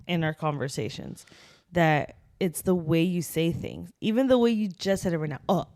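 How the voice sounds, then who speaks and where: Expressive woman teasing in podcast chat. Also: lowish voice, normal speed, no room sound, clean studio sound. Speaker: podcast co-host. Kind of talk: casual chat.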